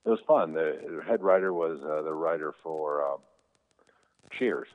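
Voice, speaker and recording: A man's voice: very deep voice, measured pace. A man, an actor, telling easygoing, rambling anecdotes as an interview guest, with many fillers. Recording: tinny phone-like sound.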